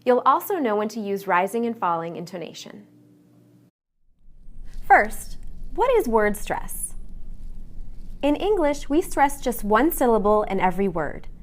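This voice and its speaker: Female pronunciation teacher, fairly high and very animated pitch, clear measured delivery. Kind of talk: scripted teaching narration.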